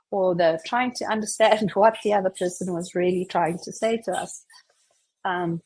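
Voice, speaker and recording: Husky-voiced woman presenting a webinar. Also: medium pitch, poor audio. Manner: chatty, acts out example dialogue, frequent "you know". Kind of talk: conversational presentation.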